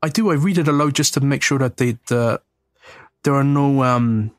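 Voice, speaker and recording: A man chatting over a movie as a podcast co-host, mid-pitched and easygoing. He rambles, laughs at himself and swears freely. His voice sits close and dry, with no room echo. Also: moderate pace. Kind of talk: casual film commentary chat.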